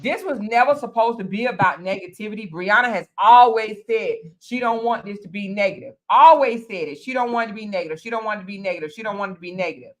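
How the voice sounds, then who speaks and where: A woman's voice: mid-range voice, fast, few pauses. A woman hosting a casual group chat, talking bluntly, cursing freely and repeating phrases for emphasis. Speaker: panel host.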